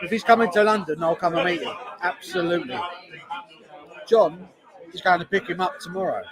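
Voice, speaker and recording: A man with a high-pitched voice trades jokey banter with his viewers in a relaxed, chatty way. Loud bar chatter fills the room behind him. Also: a little fast, rough recording. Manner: jokey, chatty banter, talks straight to the chat. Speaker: streamer. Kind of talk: casual chat with viewers. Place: busy bar taproom.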